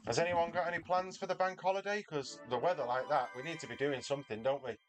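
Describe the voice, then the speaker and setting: A man's voice: fairly high pitch, fast, over music. A middle-aged man from northern England with a Manchester accent, chatting casually and self-deprecatingly with his viewers from his garage. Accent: Mancunian. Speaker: livestreamer. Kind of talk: casual chat while racing. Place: home garage.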